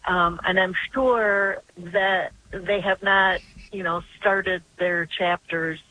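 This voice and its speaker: A woman's voice: mid-range voice, steady tone, takes it slowly, bright, forceful tone, dull audio, a little hiss or hum. An older woman calling in to a talk show, telling a long story earnestly and in a rambling way. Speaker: caller. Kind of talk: phone-in call.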